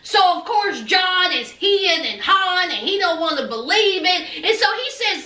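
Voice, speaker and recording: A woman's voice: very high-pitched, lively intonation, measured pace, hardly any pauses, pushed and bright. A woman recapping a reality TV episode in a sassy, chatty way, with teasing asides to her viewers. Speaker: TV recap vlogger. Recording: echoey room, far from the mic.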